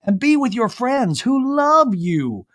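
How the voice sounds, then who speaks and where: A man's voice: very high-pitched, very animated, slow pace, a bit bright, pitched above the performer's own voice, heavily acted. A man doing a gushing, teary mom. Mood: pleading. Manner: gushing, tender, pleading. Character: doting, teary southern mother, middle-aged woman.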